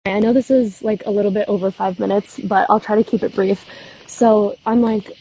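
A woman's voice: mid-range voice, steady tone, moderate pace, mellow, breathy edge, rough recording. Chatty young woman with a cold. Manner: chatty, heavy use of "like". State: has a cold, coughing. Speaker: podcast host. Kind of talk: casual storytelling.

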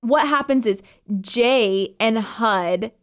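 Podcast co-host, woman, slightly high voice, lively, acts out lines. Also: takes it slowly, clear, resonant tone. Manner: animated, acts out characters' lines, laughs often. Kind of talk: casual book discussion.

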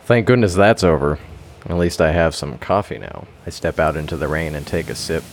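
A man narrating a dramatic first-person story in a theatrical, expressive way. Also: extremely low pitch, brisk.

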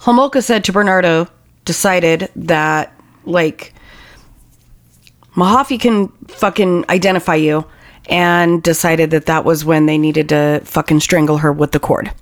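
A woman with a somewhat low voice co-hosts a casual true crime podcast. The recording is dry and close. She tells the case angrily and swears heavily. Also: a little slow, no echo. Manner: angry, heavy swearing. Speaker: podcast co-host.

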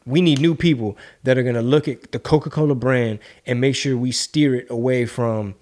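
A man's voice: mid-range voice, moderate pace. A man co-hosting a casual podcast, swearing freely and telling stories with energy, dropping in Spanish words. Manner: profane, animated storytelling, slips into Spanish words. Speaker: podcast co-host.

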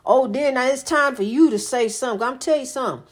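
A woman's voice: high-pitched, fast talker. A woman giving casual relationship advice, repeating her points in a preachy, conversational way as she tells stories from her own life. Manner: repetitive, preachy, conversational storytelling.

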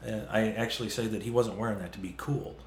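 A man's voice: fairly low pitch, steady tone, fast, a little mellow, reverberant, a little hiss or hum. A man who teaches whip classes, explaining at length with many fillers as a guest on a podcast. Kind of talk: casual podcast interview.

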